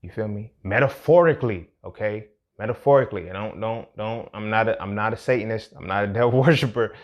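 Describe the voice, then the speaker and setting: A man hosts a podcast in a casual personal monologue, reflective but heavy on profanity and streetwise phrasing, often saying "you feel me." His voice is fairly low and gravelly.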